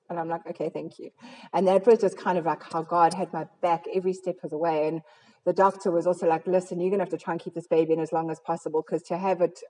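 A South African woman with a warm, lowish voice shares an earnest, rambling personal testimony with her recovery fellowship, using many fillers. A long hall reverb surrounds her words.

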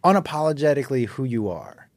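A man's voice: medium pitch, very animated, quick pace, no room sound. A male comedian guest talking earnestly, often stopping to correct his choice of words. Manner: earnest, searches for words, restarts sentences. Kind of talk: casual chat.

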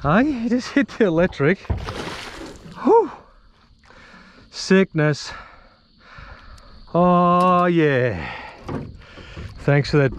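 An Australian man vlogging his fishing outdoors, excitedly talking to the fish and the viewers as he fights and lands it. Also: medium pitch, slight background noise. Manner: excitable, chatty, swears and laughs while fighting fish. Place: outdoors on the water.

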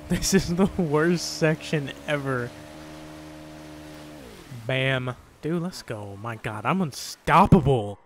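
A man doing let's-play commentary as a gaming YouTuber, excitable, swearing and yelling at the game. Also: mid-range voice, slow pace, slight background noise.

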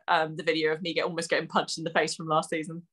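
A woman's voice: deep voice, completely flat delivery, quick pace, fairly bright tone. A young woman co-hosting a rugby podcast, chatting casually with a dry, teasing manner. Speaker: podcast co-host and rugby prop. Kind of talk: casual chat.

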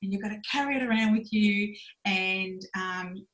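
A woman's voice: mid-range voice, normal speed, fairly bright tone. A woman in her forties speaking frankly and reflectively as a podcast guest, acting out her own inner voice as she tells her story. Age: 40s. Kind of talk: candid personal conversation. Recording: roomy echoey sound.

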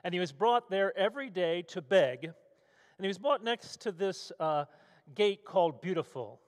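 A man's voice: sits high, lively intonation, normal speed. A male pastor delivering a sermon with vivid, storytelling scene-setting. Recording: long hall reverb.

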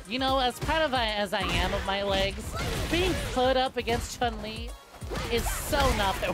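A young adult woman streaming a game, giving crude, playful, excitable commentary. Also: high voice, measured pace, over loud music. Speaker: VTuber streamer. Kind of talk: casual gameplay commentary.

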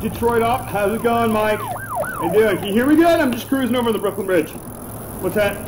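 A cocky young tech bro, played by a man, in a very high voice that leaps all over. He rattles off slang while distracted. The sound is echoey, with loud street and traffic noise behind. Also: huge pitch swings, exaggerated voice. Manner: fast-talking, slangy, distracted.

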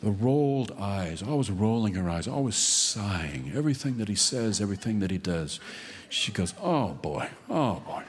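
A man telling a wry, deadpan story in an unhurried live storytelling monologue. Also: lowish voice. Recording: long reverb of a live hall.

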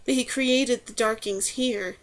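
A woman reads out a gruff male badger with a blunt, dry way of speaking, his lines set a touch higher than usual for such a beast. He sounds like a storybook animal who says what he thinks. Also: measured pace, close to an everyday voice.

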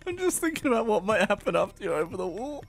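A woman's voice: mid-range voice, very animated, fast talker, soft background music. A woman chatting casually, encouraging and teasing someone playing a game. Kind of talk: casual gaming chat.

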